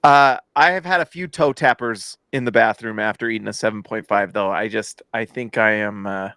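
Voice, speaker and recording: A man in his thirties hosting a casual live stream, reacting to a basketball game with jokes and excited shouts. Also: lowish voice, moderate pace, no echo, clean studio sound. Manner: excitable, jokey, shouts at big plays. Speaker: host.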